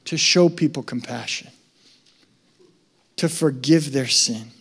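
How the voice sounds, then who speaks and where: A male pastor preaching a sermon in a conversational, emphatic way that rises to loud excitement. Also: medium pitch, takes it slowly, slightly rough.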